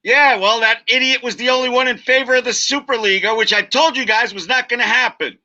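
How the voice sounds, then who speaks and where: A man from the United States, co-hosting a casual football chat and ranting with animated, teasing energy. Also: extremely high pitch, brisk, dry recording, highs cut off. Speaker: co-host.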